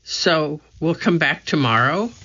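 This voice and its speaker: A reader voicing an eager, excitable young girl with high, breathless exclamations in an audiobook. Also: a little slow, lo-fi sound, full character voice. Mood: excited. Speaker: audiobook character.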